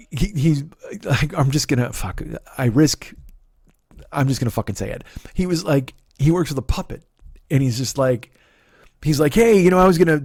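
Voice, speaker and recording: A man's voice: no room sound, studio quality. A man in his forties hosting a comedy podcast, ranting with a lot of swearing and mocking. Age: 40s. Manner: mock voices for others, high and loud. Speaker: podcast host. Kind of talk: comedic rant.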